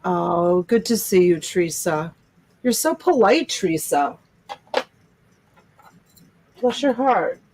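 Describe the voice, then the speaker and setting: A woman hosts a live jewelry sale at an unhurried pace. She gushes over the items, laughs often and chats with her viewers. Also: fairly low pitch, expressive, background noise. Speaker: host selling jewelry lots in a live stream. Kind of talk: casual live-sale chat.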